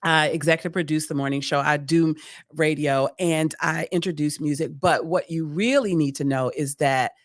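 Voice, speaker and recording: A middle-aged woman hosts a podcast in relaxed conversation. She speaks gratefully and expressively, laughing now and then. The sound is close and dry. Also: deep voice, normal speed, no room sound. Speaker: podcast host. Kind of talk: casual interview chat.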